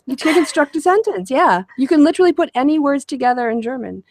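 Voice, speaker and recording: A woman's voice: high voice, big pitch swings, fast, darkish tone, no room sound. Chatty woman, dry close sound. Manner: rambling, explanatory, lots of fillers. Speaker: show host. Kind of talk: casual conversation.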